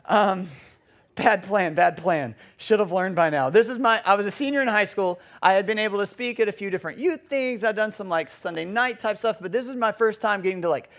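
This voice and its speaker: A young man with a fairly high voice tells a funny, self-deprecating story from the pulpit. He rambles through it with plenty of fillers, speaking in a church service. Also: a bit bright. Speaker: preacher. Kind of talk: storytelling sermon. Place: church sanctuary.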